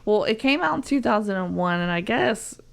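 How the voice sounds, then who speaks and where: A woman's voice: medium pitch, animated, a little fast, gravelly. A young woman with a Southern US accent, chatting as a podcast co-host, rambling with fillers and frequent giggles. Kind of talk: casual podcast chat.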